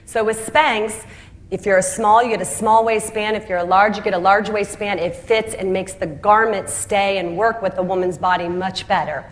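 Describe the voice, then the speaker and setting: A female founder's speech recounts her story with energy and self-deprecation. She acts out the voices of people she quotes and laughs at her own jokes, speaking at a medium pitch and normal speed.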